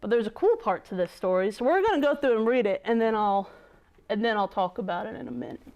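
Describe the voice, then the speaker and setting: Brief: young woman youth leader, chatty sermon, smooth clear voice sitting a bit high. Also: expressive, fast talker, a little mellow. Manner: chatty, conversational, many "like" fillers. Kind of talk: casual youth sermon with scripture reading.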